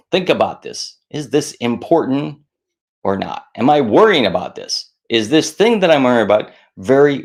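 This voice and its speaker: A middle-aged man giving casual stress-management advice to camera, animated and self-mocking, acting out worried voices in a higher pitch. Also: gravelly.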